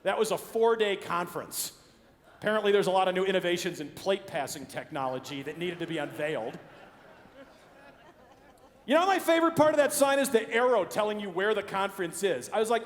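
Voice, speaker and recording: A middle-aged male comedian from the Chicago area performs stand-up on a conference stage, animated and slipping into the voices of people in his stories. His voice sits a little high, and it rings with the long reverb of a large hall. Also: a little fast. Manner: animated, acts out quoted voices.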